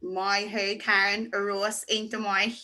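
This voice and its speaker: A woman teaching to beginners over a video call, chatty and encouraging, slowing down to pronounce words. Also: medium pitch, flat delivery, bright, forceful tone. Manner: chatty, encouraging, slow deliberate pronunciation. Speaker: Irish language teacher. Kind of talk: online beginner class.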